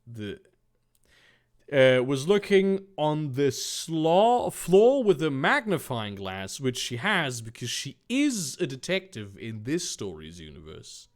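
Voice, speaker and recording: A man's voice: mid-range voice, big pitch swings, slow pace. A man reading fanfiction aloud, breaking off into sarcastic, incredulous, swearing commentary.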